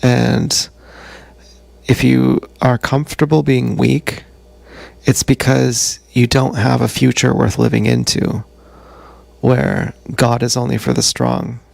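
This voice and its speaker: Gravelly man rambling on a live stream. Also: medium pitch, steady tone, slow, darkish tone, no echo. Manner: rambling, profane, talking to himself. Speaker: vlogger. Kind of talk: candid live-stream monologue. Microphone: action camera mic.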